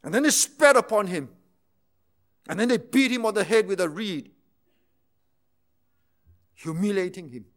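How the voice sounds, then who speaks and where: A man delivers a sermon in a strikingly high voice. He explains calmly, then builds to fervent, emphatic passages before sinking back to soft, hushed tones. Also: a little slow, pauses often. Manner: impassioned, rising to emphatic intensity then dropping to near-hushed tones. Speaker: preacher.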